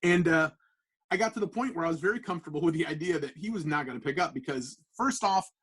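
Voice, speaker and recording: His voice fairly high with a breathy edge, the comic book artist talks at a quick pace as a podcast guest, telling a casual, profane, rambling anecdote stuffed with fillers.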